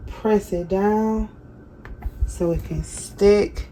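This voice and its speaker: A woman's voice: medium pitch, steady tone, drawn-out words, dark tone, slight background noise. A woman hosting a casual craft how-to, chatty and self-deprecating, often apologizing. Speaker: craft tutorial host.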